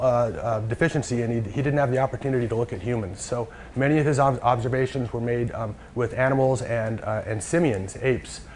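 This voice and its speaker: A man giving a lecture from slides, halting and full of fillers and restarts. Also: mid-range voice, a little mellow, a little hiss or hum.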